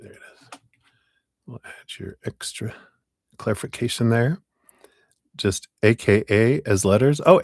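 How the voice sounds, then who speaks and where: A man hosting a live tarot stream, greeting viewers by name, laughing often and muttering quiet asides. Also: lowish voice, expressive, a little slow, pauses often, breathy edge, dry recording, studio quality. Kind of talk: casual live-stream chat.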